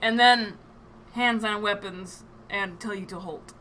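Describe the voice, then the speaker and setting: A woman narrating a tabletop game as game master, pausing often with ums and restarts. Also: medium pitch, very noisy. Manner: hesitant, with many ums and restarts.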